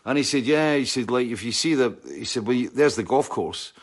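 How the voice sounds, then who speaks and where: A man's voice: mid-range voice, lively intonation, brisk. A man with a Scottish accent telling a rambling anecdote, often checking in with "right?" and mimicking sounds with his mouth.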